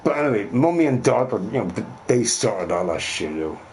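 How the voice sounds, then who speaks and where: A man's voice: lowish voice, sing-song, fairly quick, noisy background. A man in a casual ranting monologue who swears a lot and keeps asking his listeners "right?". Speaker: vlogger.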